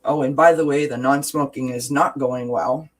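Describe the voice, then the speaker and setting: A man's voice: mid-range voice, steady tone, normal speed, rough recording. A man hosting a wellness livestream, talking in an earnest, heartfelt, encouraging way and rambling with restarts, into a webcam. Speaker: wellness channel host. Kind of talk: casual livestream chat.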